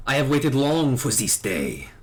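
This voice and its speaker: A man's voice: medium pitch, sing-song, unhurried, husky, pitched above the performer's own voice. A man voicing a proud, wrathful young dragoon in a put-on French accent, declaiming accusations while reading game dialogue aloud.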